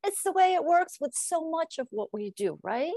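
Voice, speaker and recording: A middle-aged woman speaking as a hypnotist guest in a podcast interview. She tells animated stories, acts out both sides of conversations and keeps asking "right?". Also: extremely high pitch, normal speed, no room sound. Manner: animated storyteller acting out dialogue, frequent "right?".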